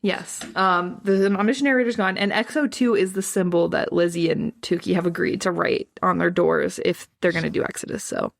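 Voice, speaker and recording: A podcast co-host talking through a book chapter by chapter, her voice full of vocal fry. She reads passages aloud with relaxed, chatty energy and breaks into laughs along the way. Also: fairly low pitch, fairly quick, hardly any pauses. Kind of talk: casual book recap chat.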